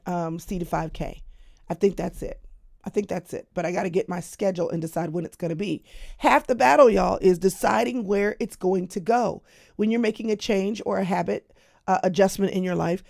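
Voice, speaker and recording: A middle-aged Christian speaker chats casually to camera, sharing a personal update and telling stories straight to her audience, whom she calls "y'all." Her voice is medium in pitch, darkish, and touched with vocal fry.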